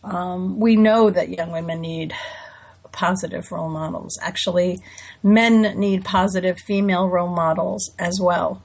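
A woman's voice: on the low side, steady tone, measured pace, gravelly, a little mellow. A woman in her forties hosting a radio talk show, chatty and self-deprecating, with fillers and little laughs. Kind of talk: casual radio talk with readings.

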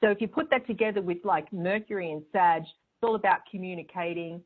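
A woman's voice: fairly low pitch, fairly quick. A woman hosting an astrology show, explaining in a chatty, rambling way with a smile in her voice. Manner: chatty, rambling, with fillers and restarts; smiling as she talks. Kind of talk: casual spoken explanation. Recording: tinny phone-line sound.

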